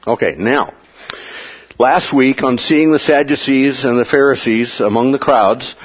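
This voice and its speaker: A man teaching a Bible study lesson in an animated way, acting out quoted voices and often checking in with "okay?" and "right?". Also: medium pitch, a little slow, husky, lo-fi sound.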